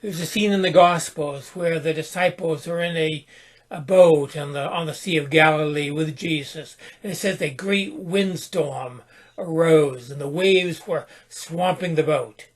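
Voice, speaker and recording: A man hosting his own podcast, giving a reflective spoken sermon in a calm, contemplative manner with small restarts. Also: fairly high pitch, unhurried. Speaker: podcast host and spiritual teacher.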